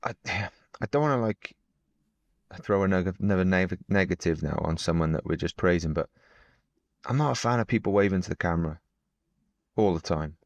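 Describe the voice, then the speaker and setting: A man with a very low, deep voice chats casually and bluntly as a podcast co-host. His delivery is loose and wry. The sound is dry and a little dull, without much room around it. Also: a little fast, pauses often, no echo. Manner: blunt, chatty, wry opinions. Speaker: podcast co-host, pro cyclist. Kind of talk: casual chat.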